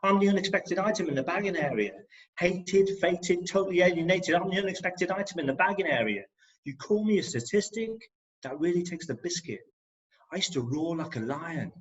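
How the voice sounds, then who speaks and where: A man with an English Midlands accent reads his spoken-word poetry over a muffled, lo-fi video call. His voice sits a little higher than most men's, and his rhymes land with a steady, rhythmic beat. Between poems he chats with a dry, self-mocking humour. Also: fairly quick. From England. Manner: rhythmic, rhyming delivery with wry humour. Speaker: performance poet. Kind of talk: spoken-word poetry reading with comic asides. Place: home, on an online video call. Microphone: video call microphone. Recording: dull lo-fi video call audio.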